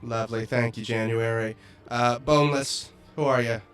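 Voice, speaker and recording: A young man running a tabletop game as game master, relaxed and laughing often. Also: medium pitch, normal speed, faint music behind.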